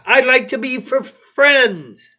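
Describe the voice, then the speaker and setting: A man's voice: extremely high pitch, takes it slowly, bright, forceful tone, voice pushed up, full character voice. Little Ogre, a man doing a timid little ogre. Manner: timid, stuttering. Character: small timid friendly male ogre.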